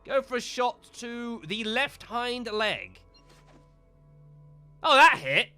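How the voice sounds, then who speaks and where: Man, live game commentary, high lively voice, very bright tone, exasperated, faint game music behind. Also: slow pace, long pauses, clear, resonant tone. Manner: exasperated, animated, addresses viewers as folks. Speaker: streamer.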